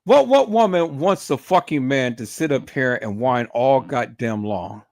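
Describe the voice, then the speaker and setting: A man's voice: mid-range voice, expressive, measured pace, creaky, darkish tone, dry recording, clean studio sound. A man ranting on a live stream, swearing heavily and stumbling over repeated words as he gets heated. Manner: profane, repeats words and restarts when worked up. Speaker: livestreamer.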